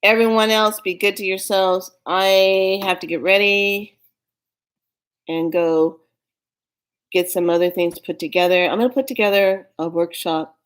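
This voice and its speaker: A woman chatting straight to her viewers about spiritual practice. She sounds playful and affectionate, laughs easily and often, and closes with warm sign-offs. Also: medium pitch, steady tone, unhurried, clear, resonant tone. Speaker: spiritual vlogger. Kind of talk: casual spiritual chat to viewers.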